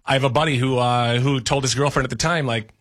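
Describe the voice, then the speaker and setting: A man's voice: mid-range voice, fairly even intonation, fast talker, a bit bright. A man co-hosting a radio talk show, joking playfully and reading listener texts with a laugh in his voice.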